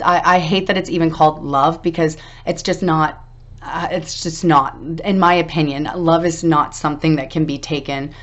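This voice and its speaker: Low-voiced woman giving a tarot reading. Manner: rambling, encouraging, self-deprecating. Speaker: tarot reader. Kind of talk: casual tarot reading to camera. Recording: dull lo-fi recording.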